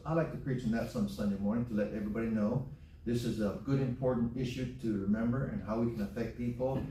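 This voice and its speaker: A fast-talking man from Hawaii with a warm, mid-range voice preaches in a church sanctuary. Folksy in manner, he repeats phrases for emphasis. Picked up from far away in an echoey church hall, the recording carries a little hiss or hum.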